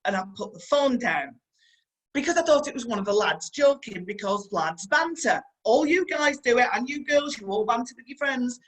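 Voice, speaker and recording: A woman's voice: on the high side, animated, normal speed, slightly rough, poor audio. A middle-aged woman with a Yorkshire accent, a stunt performer giving a storytelling motivational talk, chatty and earnest, who repeats her advice and speaks straight to her listeners.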